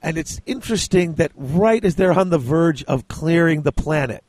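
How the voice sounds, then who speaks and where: A man's voice: fairly high pitch, animated, moderate pace, a little mellow, no echo. Enthusiastic man on a book podcast. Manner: laughs often, enthusiastic, reads excerpts aloud. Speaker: podcast co-host. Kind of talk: casual book discussion with read-aloud passages.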